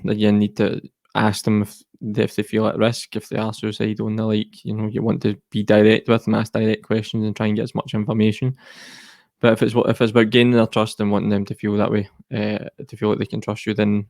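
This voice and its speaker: A Scottish man, co-founder of a mental health charity, speaks as an interview guest about personal matters, earnest and reflective. His lowish voice is creaky and a little mellow, with a completely flat, brisk delivery in a dry recording.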